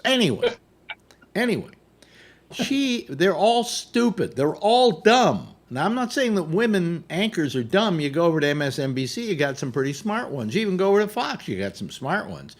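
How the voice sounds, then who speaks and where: Male host, lively, higher voice, sarcastic and chatty over a video call. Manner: animated, sarcastic, stammers on restarts. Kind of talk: casual panel chat.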